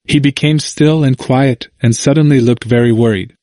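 Guy reading his memoir, calm and measured, mid-pitch voice, dry close sound. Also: no room sound. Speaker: audiobook narrator. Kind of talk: first-person memoir narration.

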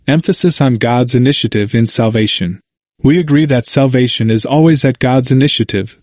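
A man reads a church committee report in a formal, measured way, naming each numbered point before going on. His voice sits at an ordinary middle pitch. It is recorded dry and close, with no room sound around it. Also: a little mellow, no echo. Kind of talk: formal scripted reading.

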